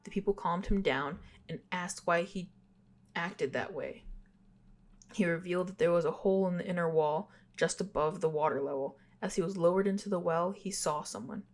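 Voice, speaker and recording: A young woman with a fairly low voice reads eerie tales aloud as a podcast co-host. She slips into casual chat between passages, giggling and apologizing when she trips over a word. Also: moderate pace. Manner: giggly, apologetic about stumbles while reading. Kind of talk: reading spooky stories aloud, casual chat.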